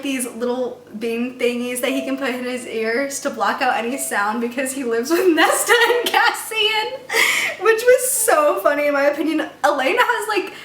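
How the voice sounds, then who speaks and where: Woman, bright and excitable book reviewer, rambling rant, roomy echo. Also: on the high side. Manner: excited, rambling retelling full of "like". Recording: echoey room.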